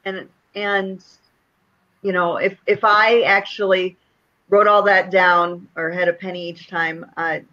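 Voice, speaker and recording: Woman counselor guest, bright crisp tone, reassuring and earnest; slightly dull lo-fi audio. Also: on the low side, fairly even intonation, a little slow. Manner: earnest and reassuring, explaining step by step. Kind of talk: interview answers. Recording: dull lo-fi sound.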